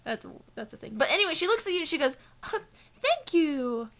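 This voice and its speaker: A woman's voice: very high-pitched, sing-song, rapid-fire, sharp tone. A woman co-hosting a casual podcast, improvising a story and giggling as she acts out characters. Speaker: podcast co-host.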